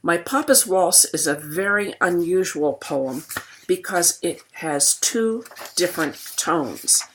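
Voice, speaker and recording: Slow, low-voiced woman teacher, voice going. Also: a little hiss or hum. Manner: slow, deliberate poetry reading with pauses. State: losing her voice, clearing her throat. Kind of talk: recorded classroom lecture.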